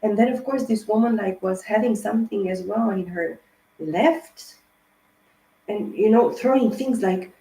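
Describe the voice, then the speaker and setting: A woman's voice: mid-range voice, a little slow, warm tone. A woman giving a tarot card reading in a casual, rambling monologue, talking emphatically and often swearing. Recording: roomy echo.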